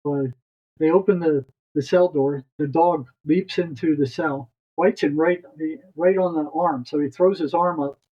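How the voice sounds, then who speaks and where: A man's voice: a little high, measured pace, warm tone, breathy edge, highs cut off. An older retired psychotherapist, a man, telling a long story as a podcast guest, rambling and restarting his words.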